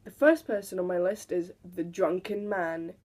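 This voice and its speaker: A woman's voice: lowish voice, steady tone, moderate pace, over loud music. Chatty teen girl vlogger. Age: teens. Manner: chatty, giggly, mimics people in quoted voices. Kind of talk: casual storytelling to camera.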